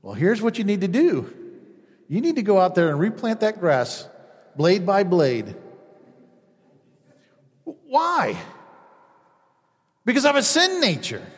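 Pastor delivering a sermon; man with a high, light voice, acts out quoted asides; long hall reverb. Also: wildly swooping pitch, takes it slowly, long pauses, husky.

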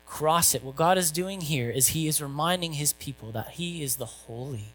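A man's voice: fairly high pitch, normal speed, faint music behind, poor audio. A male pastor giving a conversational sermon, asking rhetorical questions and reading scripture.

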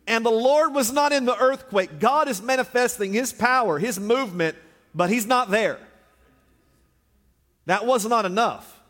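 A man preaching from the pulpit, his voice sitting high for a man. He presses his points home through emphatic repetition. The sound carries a long reverb from a church hall. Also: fairly bright tone. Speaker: pastor. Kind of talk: sermon.

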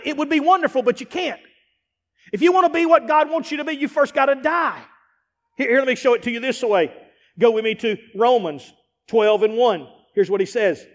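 A man preaching a sermon as pastor, emphatic and repetitive, rising into shouts to drive points home. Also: extremely high pitch. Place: church sanctuary. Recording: long reverb of a large church hall.

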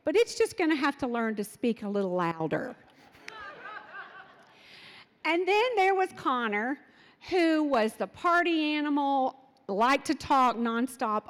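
A middle-aged woman telling parenting stories in an animated way, acting out what her children said. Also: fairly high pitch, in a large hall. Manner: animated, acts out quotes of her kids. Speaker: speaker sharing parenting stories. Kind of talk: storytelling talk.

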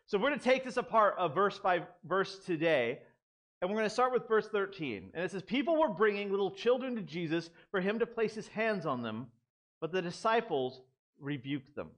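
Young male preacher, relaxed conversational sermon delivery, voice sits high and moves a lot. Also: normal speed. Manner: conversational, animated, self-deprecating asides. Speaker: pastor. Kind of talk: casual sermon.

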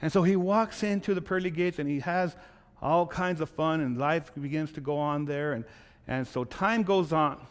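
A male pastor preaching a sermon and telling a joke in an animated storytelling manner. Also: a little high, moderate pace, big-room sound. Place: church.

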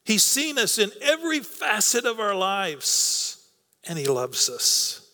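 A man's voice: high-pitched, huge pitch swings, takes it slowly, bright, forceful tone. A man preaching a sermon in an earnest, coaxing way, repeating words for emphasis. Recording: long reverb of a hall.

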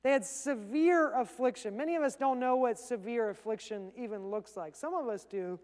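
High-voiced male pastor preaching. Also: darkish tone, clear, resonant tone, long reverb tail. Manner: conversational preaching, acts out quick asides. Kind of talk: sermon.

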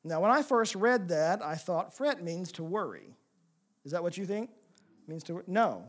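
High-voiced man preaching a sermon. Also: unhurried. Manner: expressive preaching, swings from emphatic to soft, rhetorical questions. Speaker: pastor.

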